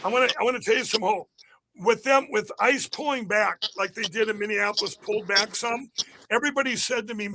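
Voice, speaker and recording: A political candidate giving an emphatic, repetitive rally-style interview on a podcast. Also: male voice, high voice, a little fast, creaky, bright, forceful tone, slight background noise.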